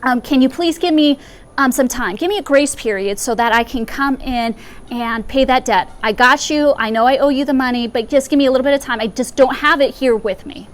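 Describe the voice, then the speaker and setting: A woman's voice: sits high, brisk, lightly acted. A woman voicing a broke male neighbor who apologetically asks for more time to pay. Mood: apologetic.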